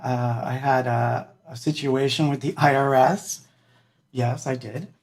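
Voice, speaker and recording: A man's voice: mid-range voice, fairly even intonation, unhurried. A man, a musician hosting a livestream, chatting casually and rambling with lots of fillers and laughs.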